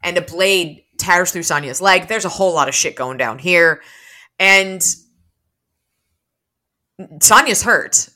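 Bright-voiced woman recapping a novel. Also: fairly low pitch, takes it slowly, long pauses. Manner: reads quoted dialogue with light shifts between characters. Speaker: podcast co-host. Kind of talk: book podcast recap with read-aloud passages.

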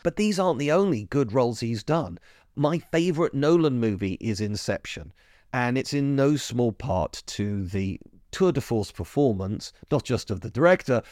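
A man's voice: darkish tone, dry recording. Chatty man reviewing films, dry sound. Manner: chatty, self-correcting, pitch jumps up when keen. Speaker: podcast host. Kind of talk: film review monologue.

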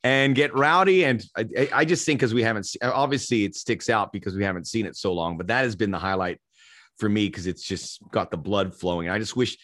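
A man's voice: lowish voice, brisk, a bit bright, no room sound, clean studio sound. An American man hosting a podcast, chatting casually in a playful, joking way. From United States. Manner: playful, joking, with frequent restarts. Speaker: podcast host. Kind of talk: casual chat.

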